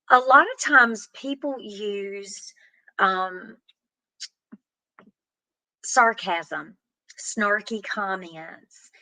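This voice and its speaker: A woman's voice: mid-range voice, sharp tone, no room sound, low-quality recording. A woman giving earnest, plain-spoken relationship advice, acting out example conversations. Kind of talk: direct-to-camera advice talk.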